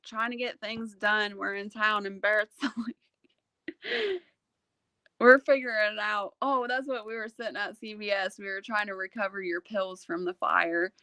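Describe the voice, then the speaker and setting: A woman hosts a casual livestream, swapping stories with an easy, animated chattiness and frequent laughter. Her voice is bright and clear, and the recording sounds close and dry, with no room around it. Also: medium pitch, moderate pace, no echo. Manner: laughs often while telling stories. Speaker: livestream host.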